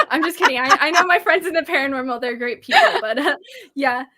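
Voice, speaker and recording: A woman's voice: high voice, quick pace, bright, forceful tone. A woman in her twenties, a guest chatting casually in a bubbly, giggly way with lots of "like". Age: 20s. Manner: bubbly, giggly, heavy use of "like". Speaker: guest, paranormal radio host. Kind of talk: casual chat.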